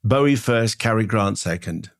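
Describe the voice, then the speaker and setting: Brisk man reading emails. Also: lowish voice, lively intonation, dry recording, studio quality. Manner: brisk, laughs easily. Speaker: film show co-host. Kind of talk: casual chat, reading listener emails.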